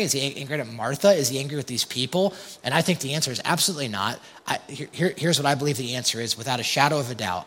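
A man's voice: mid-range voice, fairly bright tone, breathy edge. A man preaching an impassioned sermon as pastor, often calling his listeners "you guys". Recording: long hall reverb.

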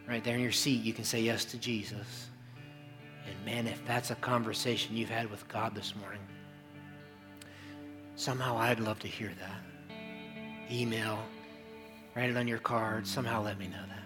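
A male pastor giving a sermon in a church service, with slow, emphatic, pleading phrasing and repeated lines. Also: fairly low pitch, steady tone, music in the background.

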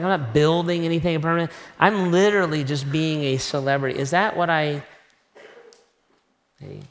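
A middle-aged man preaching in an animated storytelling sermon, poking fun at himself as he goes. His voice sits a little high and rings bright and forceful. A long reverb from a large hall trails behind every phrase. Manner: animated, self-mocking storyteller.

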